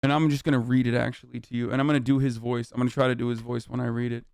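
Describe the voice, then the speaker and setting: A man's voice: mid-range voice, flat delivery, rapid-fire, vocal fry, darkish tone, smooth, no echo. A man streaming reaction commentary, ranting in a heated, profane and sarcastic way into a close mic. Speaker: live streamer.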